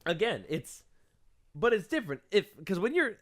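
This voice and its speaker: High, lively young man telling stories. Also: moderate pace, no echo, studio quality. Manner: swears a lot, tells animated stories. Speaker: podcast co-host. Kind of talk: casual chat.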